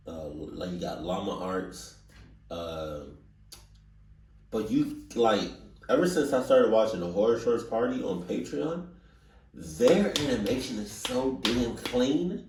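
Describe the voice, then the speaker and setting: A man's voice: lowish voice, a little mellow, roomy sound, far from the mic, rough recording. A man hosting a reaction video, chatting casually in loose slangy talk. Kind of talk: casual chat.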